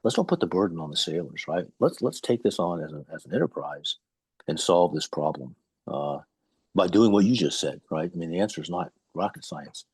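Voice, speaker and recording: A man's voice: sits low, animated, a little fast, a little mellow, breathy edge, no echo. A man in his fifties with an American accent, a guest on a podcast, telling anecdotes with frequent ums. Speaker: retired navy captain guest. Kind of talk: conversational podcast interview.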